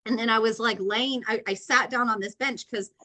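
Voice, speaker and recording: Bright-voiced chatty woman storyteller. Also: fairly high pitch, moderate pace, rough recording. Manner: chatty storyteller, many fillers, deadpan jokes. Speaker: podcast co-host. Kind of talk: casual chat. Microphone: video call.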